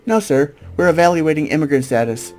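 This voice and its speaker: A man's voice: fairly high pitch, lively intonation, fairly quick, a little mellow, soft background music, lightly acted. A man voicing a formal, curt police officer in a game playthrough.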